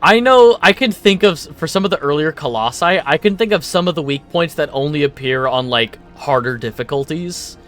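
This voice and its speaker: A man giving casual let's play commentary, rambling excitably and swearing casually. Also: on the high side, moderate pace, few pauses, faint music behind. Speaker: gaming YouTuber.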